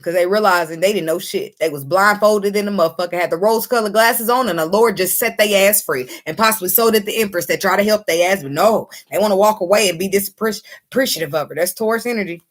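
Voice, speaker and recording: A woman reading tarot cards in a loose, chatty way, with a voice of middling pitch. She gets worked up easily, laughs a lot and swears without a second thought. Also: fast, hardly any pauses. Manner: excitable, laughs often, swears freely. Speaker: tarot reader.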